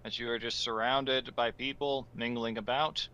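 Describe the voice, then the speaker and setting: Bright-voiced man narrating a tabletop game. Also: medium pitch, fairly even intonation, normal speed, clear, resonant tone, dull audio. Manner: theatrical, descriptive narration. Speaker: game master.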